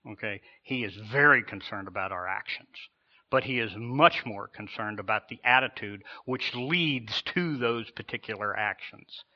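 A man's voice: fairly low pitch, lo-fi sound. A man preaching a sermon as a pastor, earnest, often restarting and repeating words.

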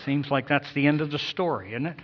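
A male pastor preaching a sermon in an emphatic way, with sudden swells in loudness. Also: on the high side, fairly quick. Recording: dull lo-fi sound.

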